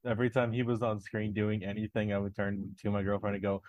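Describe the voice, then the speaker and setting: Young man, mid-pitched voice, dry and blunt, casual podcast chat, close dry sound. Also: little pitch movement, quick pace, a little mellow, no room sound. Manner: dry, blunt, critical asides. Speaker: podcast co-host.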